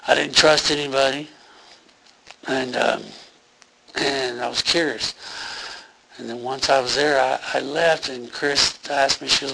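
A man's voice: mid-range voice, flat delivery, a little slow, gravelly, pauses often, pushed and bright, slight background noise, low-quality recording. A man giving an earnest, rambling personal testimony about a near-death experience, full of fillers and restarts.

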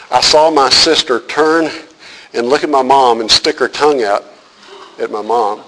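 A man's voice: medium pitch, fairly bright tone, low-quality recording. A man preaching a sermon as a pastor, talking conversationally with fillers and asking the congregation questions.

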